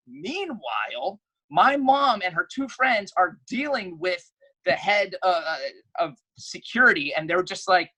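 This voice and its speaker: A man's voice: high-pitched, normal speed, poor audio. A young man, a podcast guest, telling a story in casual chat and acting out the voices in it. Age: young adult. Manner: animated, acts out quoted voices loudly.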